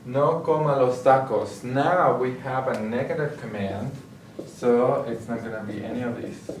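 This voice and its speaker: A man's voice: medium pitch, a little slow. Man tutoring in an echoey room. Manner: step-by-step explaining, checks in with "okay?". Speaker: Spanish tutor. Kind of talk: recorded grammar lesson. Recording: echoey room, mic at a distance, faint hiss.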